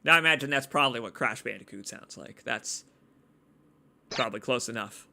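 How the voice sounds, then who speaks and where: A young man streaming a game, rambling and joking with his chat, his voice a little hoarse from long talking. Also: mid-range voice, fairly quick, sharp tone. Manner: rambling, joking, self-deprecating asides to chat. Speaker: let's play streamer. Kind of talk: casual gameplay commentary.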